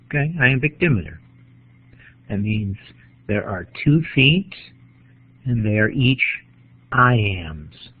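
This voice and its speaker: Tinny-sounding New lecturer. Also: male voice, lowish voice, animated, breathy edge. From New England. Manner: measured, explanatory, pauses to think. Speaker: literature teacher. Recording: tinny phone-like lo-fi recording.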